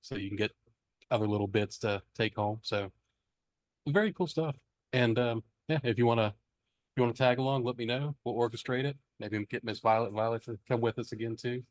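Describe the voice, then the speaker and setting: A man's voice: medium pitch, fairly quick, no room sound. A man in a casual group podcast, upbeat and jokey, telling stories. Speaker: podcast regular.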